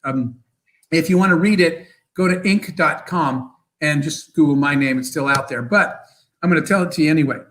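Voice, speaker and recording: A man, a guest entrepreneur, telling motivational stories in an interview in an animated, quick way. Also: a little high, a little hiss or hum, rough recording. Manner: animated, fast storyteller with bursts of laughter.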